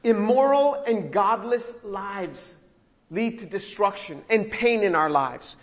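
Expressive male preacher in a reverberant hall. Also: high-pitched, slow pace. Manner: expressive, acts out the scripture he reads. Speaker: pastor. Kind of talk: sermon.

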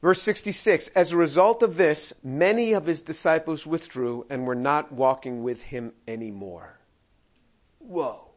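A man's voice: a little high, measured pace, highs cut off. A man preaching a sermon, reading scripture aloud and acting out the quoted lines with humor. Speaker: pastor.

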